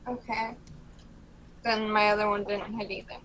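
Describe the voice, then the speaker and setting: Hesitant woman with a flat voice. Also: mid-range voice, moderate pace, a little hiss or hum, low-quality recording. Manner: hesitant, many fillers. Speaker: player. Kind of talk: casual tabletop play.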